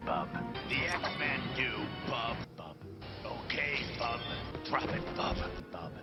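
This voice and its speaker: An actor voicing a gruff, tough male superhero who answers in short, clipped retorts, heard in animated series clips. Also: mid-range voice, slow pace, highs cut off. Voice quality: growly. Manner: clipped one-word retorts. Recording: clip with loud music. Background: loud music.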